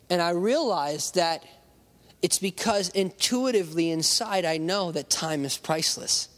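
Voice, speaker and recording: A man's voice: high voice, unhurried, fairly bright tone. A male pastor preaching a conversational sermon, acting out little voices and talking straight to the congregation. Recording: long hall reverb.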